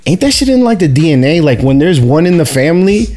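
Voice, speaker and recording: A man's voice: fairly high pitch, sing-song, quick pace, mellow. A man hosting a podcast, chatting casually and joking while he tells a story, laughing often. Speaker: podcast host. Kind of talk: casual chat.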